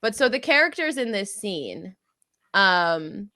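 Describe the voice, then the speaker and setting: A woman co-hosting a podcast, chatting casually and acting out characters in quick voices. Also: medium pitch, very animated, sharp tone, dry recording, studio quality. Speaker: podcast co-host. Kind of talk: casual chat.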